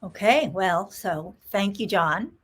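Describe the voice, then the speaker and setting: A woman host closes the interview at an unhurried pace. She thanks her guest and speaks to her viewers. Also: mid-range voice, lively intonation, a bit bright, husky. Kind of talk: interview sign-off.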